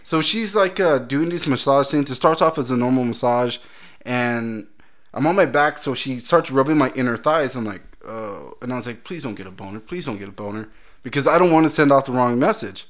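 A man's voice: medium pitch, normal speed, fairly bright tone. A man in casual podcast chat, telling crude stories with lots of laughing and quoted voices.

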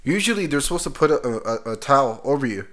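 A man's voice: medium pitch, sing-song, fast, a bit bright. Crude, laughing man telling stories. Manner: crude, laughing storyteller acting out quotes. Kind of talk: casual chat.

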